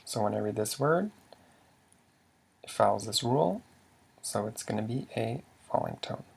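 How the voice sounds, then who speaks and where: A man's voice: fairly low pitch, animated, normal speed, creaky, a little hiss or hum. A man teaching a language lesson, explaining rules patiently step by step with some fillers.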